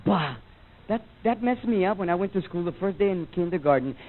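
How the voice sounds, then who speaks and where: A Mexican-American man doing stand-up, his high voice jumping all over as he slips between English and Spanish and acts out his relatives. The sound is thin and tinny, like an old taped television broadcast. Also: lively intonation, fast talker, slight background noise. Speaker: stand-up comedian. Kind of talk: stand-up comedy set. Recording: tinny, phone-like VHS broadcast audio.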